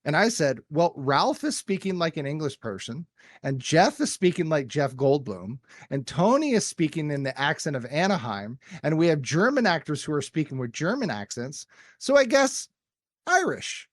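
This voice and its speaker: A jokey male podcast host reads out trivia and runs the panel. His voice sits a bit high and swings animatedly. The sound is dry and close. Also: very animated, moderate pace, no room sound. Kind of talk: casual panel chat, reading trivia.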